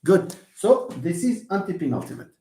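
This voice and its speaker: A man's voice: sits high, big pitch swings, normal speed, mellow. A man teaching English word stress in a live online lesson, explaining patiently and repeating example words. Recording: echoey room.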